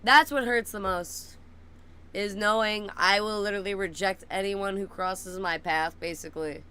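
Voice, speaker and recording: A young woman chatting casually with viewers, blunt and swearing, laughing often, cooing softly at her dogs. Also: medium pitch, fairly even intonation, normal speed, smooth. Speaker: streamer.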